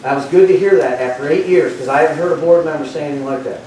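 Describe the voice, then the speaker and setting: A man with a notably high-pitched voice delivers a heated public comment at a county board meeting. He is confrontational and impassioned, stumbling and repeating words as he presses his case. He is heard from a distance in a very echoey meeting hall. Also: racing, a little mellow, a little hiss or hum.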